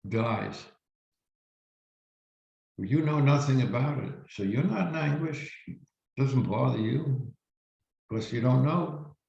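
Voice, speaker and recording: A male reverend giving a spiritual teaching talk, telling a story slowly and reflectively with emphatic pauses. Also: medium pitch, gravelly, darkish tone. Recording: roomy, dull lo-fi recording.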